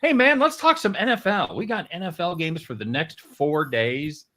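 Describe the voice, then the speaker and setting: A man's voice: on the high side, moderate pace. A man from Kansas City hosting a casual sports betting show, joking with his guests. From Kansas City, USA. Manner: lively, joking, animated. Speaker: show host.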